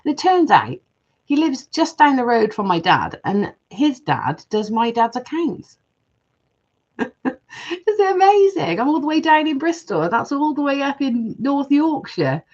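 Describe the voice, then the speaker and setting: A woman's voice: sits high, very animated, unhurried, muffled recording. A woman hosting a live jewellery-making stream, chatting casually and reading viewer comments aloud.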